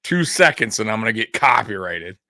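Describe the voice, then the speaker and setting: A man hosting a sports video, talking casually over highlight clips in a rambling way with lots of fillers. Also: sing-song, a little fast, pushed and bright, slight background noise. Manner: rambling, many fillers and restarts.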